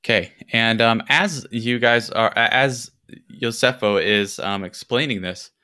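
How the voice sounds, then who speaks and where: A man's voice: medium pitch, measured pace, pushed and bright, clear, resonant tone. A man narrating a tabletop game as game master, hesitant and playful, with many fillers.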